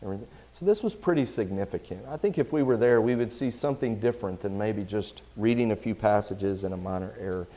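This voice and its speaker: A man's voice: fairly low pitch, quick pace, few pauses, warm tone. Conversational man preaching a sermon. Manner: conversational, reads scripture aloud with rising force. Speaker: deacon preaching.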